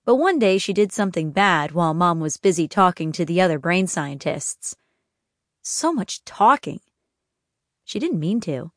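A woman narrating an audiobook in a gentle, even storytelling voice. Her pitch sits a little low for a woman. The recording is close and dry, with no room sound. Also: normal speed, no echo. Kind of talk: scripted narration.

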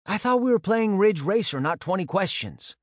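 A man's voice: sits high, very animated, moderate pace, dry recording, studio quality, pitched above the performer's own voice. A man voicing a lonely, guarded teenage boy in an audiobook, giving short, wry replies.

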